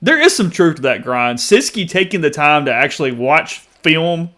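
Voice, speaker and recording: A man co-hosting a casual sports chat, trading quick teasing banter. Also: fairly high pitch, sing-song, bright, forceful tone. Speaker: co-host.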